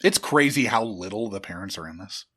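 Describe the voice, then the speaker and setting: A man co-hosting a podcast in casual chat, wry and deadpan, swearing now and then. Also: lowish voice, a little fast, husky. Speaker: podcast co-host.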